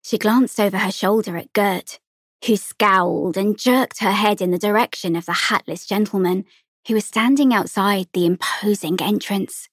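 A woman narrates an audiobook in a steady, measured way. Her pitch is middling, and the recording is dry and close. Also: breathy edge, dry recording. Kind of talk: scripted narration.

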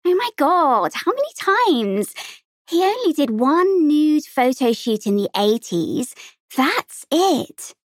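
A woman's voice: fairly high pitch, very animated, a little slow, dry recording, studio quality, voice pushed up. A woman voicing a heartbroken teenage girl who sounds tearful and plaintive. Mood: exasperated.

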